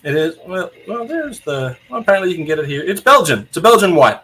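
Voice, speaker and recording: A man hosting a podcast, telling an animated story in casual chat and acting out the people in it. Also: on the high side, fast talker, slightly rough. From New Zealand. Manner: animated anecdote teller, acts out quotes, swears freely. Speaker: podcast host.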